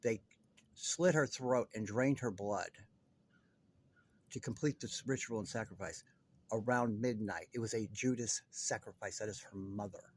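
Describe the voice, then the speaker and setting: A man's voice: lowish voice, unhurried, breathy edge. A man delivering a heated true-crime monologue straight to his viewers, agitated, profane and rambling. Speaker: online commentator.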